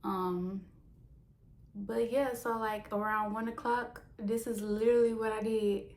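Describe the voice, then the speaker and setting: A young woman who owns a small business tells a story in a casual vlog with animated, mock-dramatic flair. Her voice is medium-pitched and unhurried, and the recording has a roomy echo.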